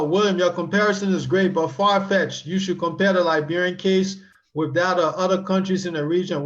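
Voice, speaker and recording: A man on a talk show, reading viewer comments and answering them in an animated way, with a lot of restarts. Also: sits high, muffled recording. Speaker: guest expert.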